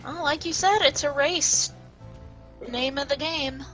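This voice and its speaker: Female co-commentator from the northwestern US, bright tone, informative play-by-play. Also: sits high, measured pace, faint music behind, low-quality recording. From northwest United States. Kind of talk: casual speedrun commentary.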